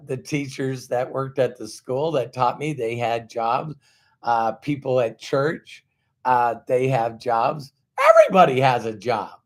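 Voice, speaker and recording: A man giving a motivational talk, telling stories in a conversational way, repeating words for emphasis and acting out quoted dialogue with rhetorical questions. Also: mid-range voice. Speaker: motivational speaker.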